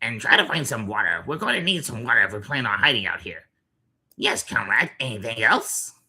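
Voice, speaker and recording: Game casting: a pair of cowardly monster rats on the run, husky yet very bright, all over the place in pitch. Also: very animated, brisk, heavily acted. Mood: petulant. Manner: whiny, bickering. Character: squabbling cowardly rat creatures on the run. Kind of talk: video game character dialogue.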